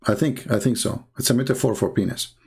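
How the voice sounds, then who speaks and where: Gravelly man with Arabic accent. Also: medium pitch, fast talker, darkish tone. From Arab world. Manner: sarcastic, broken English with frequent fillers. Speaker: host. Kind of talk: mocking live-stream commentary.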